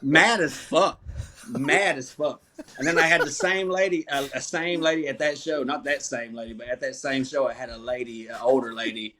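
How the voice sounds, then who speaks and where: A man, a comedian guest, telling stories in a casual, animated, profane way and laughing often. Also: a little high, noisy background. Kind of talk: casual storytelling interview.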